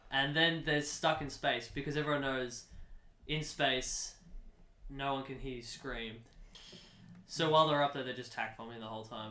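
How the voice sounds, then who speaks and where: A man telling a made-up story for laughs, with a deadpan and animated delivery. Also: medium pitch, reverberant, a little hiss or hum. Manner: animated, deadpan nonsense told as fact. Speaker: podcast co-host. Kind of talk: comedic improvised storytelling.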